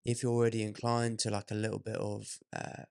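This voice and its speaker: A man in a casual podcast chat, calmly explaining his view. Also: on the low side, fairly quick, gravelly, smooth, no room sound, clean studio sound. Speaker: podcast co-host.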